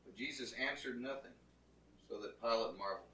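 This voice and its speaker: A man in the congregation reading scripture aloud in a plain, steady way. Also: on the low side, fairly quick. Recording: roomy, distant from the mic.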